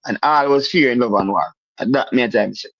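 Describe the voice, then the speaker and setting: Gravelly Jamaican man, lo-fi. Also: mid-range voice, fairly quick, fairly bright tone, no room sound. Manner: insistent, repeats words to hold the floor. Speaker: panelist. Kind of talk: casual debate. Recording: dull dry lo-fi audio.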